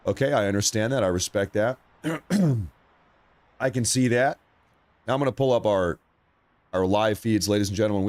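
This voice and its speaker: A man hosting a live news commentary stream, talking straight to his viewers with excitement while he is losing his voice. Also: lowish voice. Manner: excitable, addresses viewers directly. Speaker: livestream host.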